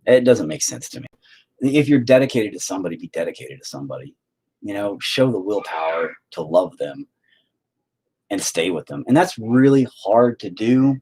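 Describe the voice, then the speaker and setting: Husky, lively man rambling casually. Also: fairly low pitch, moderate pace, low-quality recording. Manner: joking, profane, easily sidetracked. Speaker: video creator.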